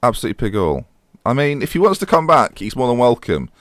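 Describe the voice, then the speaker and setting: A young man commenting on his own football management game, chatty and self-mocking, excitable when the match heats up. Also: mid-range voice, quick pace, no echo, clean studio sound. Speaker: gaming YouTuber.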